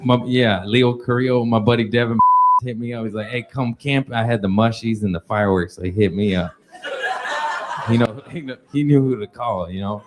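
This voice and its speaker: Dude telling a wild profane story, keeps cracking himself up, lots of hiss and clicks behind him. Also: male voice, on the low side, normal speed. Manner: laughing through his own story, loose and crude. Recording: noisy recording with clicks.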